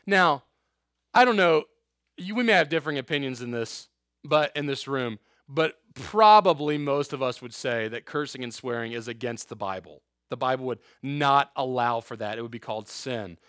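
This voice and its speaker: A man's voice: medium pitch, expressive, normal speed, a bit bright, dry recording, studio quality. A man preaching an informal sermon to a youth group in a room, reading scripture aloud with joking asides. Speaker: youth pastor.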